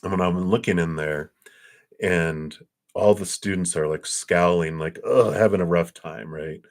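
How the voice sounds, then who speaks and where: Deep voiced guy, spiritual reader chatting on a livestream, animated. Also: unhurried. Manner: animated, acts out quotes, chuckles often. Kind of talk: casual spiritual talk on a livestream.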